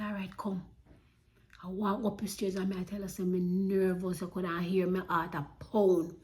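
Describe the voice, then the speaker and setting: A woman's voice: lowish voice, level tone, moderate pace, a little mellow. A woman with a Jamaican accent earnestly recounting a personal story, with emotion and Patois-flavoured speech.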